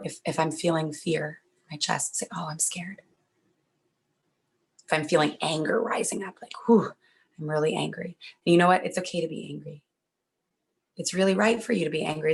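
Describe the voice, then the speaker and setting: Young woman speaker, reassuring and earnest, husky gravelly low voice. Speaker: workshop speaker. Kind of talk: talk at a virtual event.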